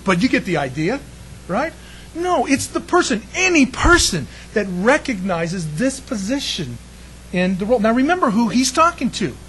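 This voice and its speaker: A man preaching a sermon to a congregation, chatty and lively, throwing in jokes and questions to the room. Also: high-pitched, slight background noise, poor audio. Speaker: pastor.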